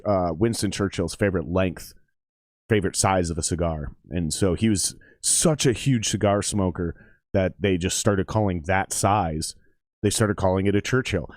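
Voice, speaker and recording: A man's voice: low-pitched, measured pace, dry recording, studio quality. A man chatting casually on a livestream, rambling and swearing with lots of fillers as he comments on a game. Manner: rambling, profane, with many fillers.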